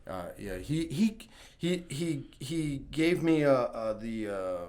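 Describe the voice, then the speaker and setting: A New York City man, guesting on a podcast, tells rambling stories in a casual chat, restarting often and laughing as he acts out quotes. His medium-pitched voice has lively intonation, a darkish tone, and a slow pace.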